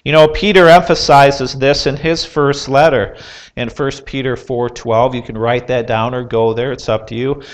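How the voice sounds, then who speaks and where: A pastor preaches a sermon in an earnest, measured manner, posing rhetorical questions to his listeners with pauses and the odd filler. His voice has a medium pitch and a steady tone.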